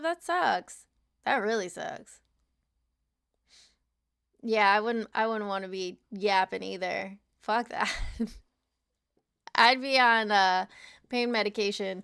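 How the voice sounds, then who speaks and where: A woman's voice: medium pitch, gravelly, fairly bright tone, clean tone, dry recording, clean studio sound. A tired young woman chatting casually to her livestream chat, laughing often and swearing freely.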